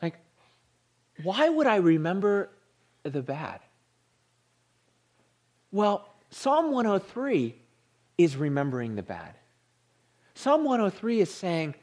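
A man preaching at a slow, deliberate pace, his fairly high voice rising and falling widely. He leans into key words, then drops to a hushed low tone on the sacred ones. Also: big pitch swings. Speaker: pastor. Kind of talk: sermon.

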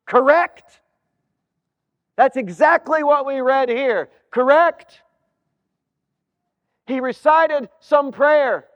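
A male pastor delivers a sermon in a strikingly high voice, taking his time and dropping wry jokes into his storytelling. The sound is dull and muffled, and a long hall reverb hangs after his words. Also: measured pace, few pauses. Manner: humorous, storytelling, wry asides.

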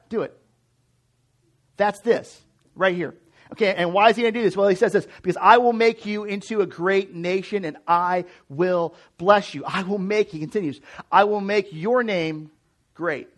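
A male pastor in his thirties delivers a sermon with a notably high-pitched voice. He talks in a relaxed, animated way, often restarting phrases and slipping in side remarks. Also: moderate pace. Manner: conversational and animated, with many restarts and asides.

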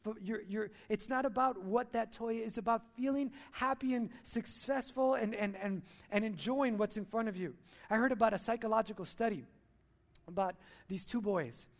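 A man's voice: high voice, moderate pace. A male pastor preaching a sermon at a church service, emphatic, repeating key lines and asking rhetorical questions.

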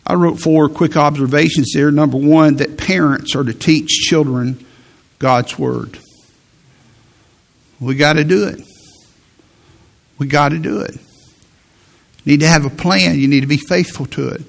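Gravelly emphatic preacher man. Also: fairly high pitch, a bit bright. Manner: slow emphatic preaching, quoting scripture. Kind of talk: sermon.

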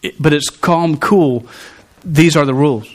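A man preaching a sermon, talking to the congregation in an animated, conversational way with frequent restarts. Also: fairly high pitch, a little slow.

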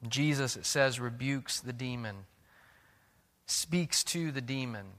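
A man's voice: medium pitch, measured pace, fairly bright tone, in a large hall. A man preaching a sermon as pastor, earnest and questioning, often restarting his words.

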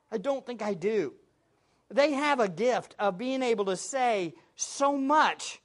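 A man preaching a sermon, with expressive delivery, sometimes shouting the quoted words. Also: very high-pitched. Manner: expressive preaching, shouting acted quotes, laughing between points.

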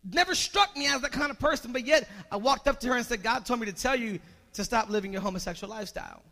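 High, bright-voiced preaching pastor. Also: male voice, fast, gravelly, in a large hall. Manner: shifts from quiet storytelling to loud, rising preaching. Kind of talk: sermon.

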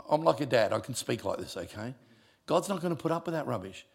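Aussie pastor guy preaching, husky gravelly voice, jokes then goes quiet. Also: mid-range voice. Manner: punchy preaching with humour and sudden drops to quiet. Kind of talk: sermon.

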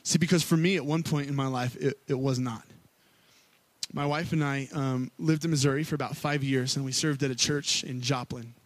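A worship pastor preaching a sermon, a man telling the story in a relaxed, conversational way with plenty of filler words. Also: mid-range voice, normal speed, no echo. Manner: casual and storytelling, with many fillers, acting out quotes.

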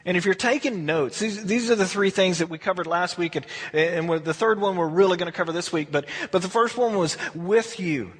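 Male Bible teacher, high husky voice, folksy and animated, in a big echoing hall. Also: a little fast, hardly any pauses. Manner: folksy, animated, acts out quotes. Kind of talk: verse-by-verse Bible teaching, conversational.

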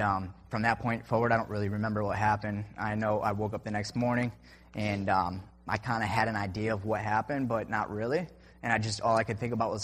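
A young man telling a personal story in a casual, rambling way, filling it with "like" and acted-out quotes. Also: on the low side. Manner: rambling, full of "like" and "I'm like" quotes. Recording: long reverb.

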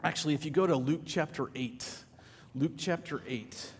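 A man's voice: a little high, moderate pace, big-room sound, slight background noise. A man preaching a sermon as pastor, conversational, often repeating words as he starts a phrase.

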